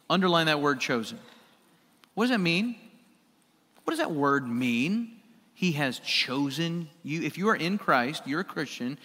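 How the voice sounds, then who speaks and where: Man, pastor, sermon, rhetorical questions, forceful, reverberant church. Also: high-pitched. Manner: conversational preaching with rhetorical questions to the congregation. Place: church sanctuary.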